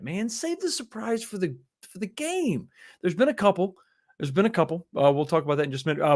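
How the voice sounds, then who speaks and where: A man in his forties hosts a relaxed livestream. His voice sits a little high for a man, and he chats along in an easygoing way, chuckling and repeating himself as he reads out comments. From Texas, USA. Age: 40s. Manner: chatty and easygoing, with frequent chuckles and repeated phrases. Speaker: livestream host. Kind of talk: casual livestream chat, reading viewer comments.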